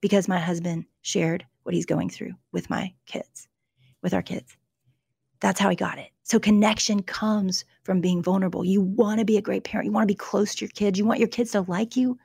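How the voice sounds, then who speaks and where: A woman's voice: mid-range voice, steady tone, moderate pace, gravelly, darkish tone, slightly rough, no room sound. A middle-aged woman, an author speaking as a guest in an interview. She talks in an earnest, storytelling way, with frequent restarts. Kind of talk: conversational interview about faith and emotions.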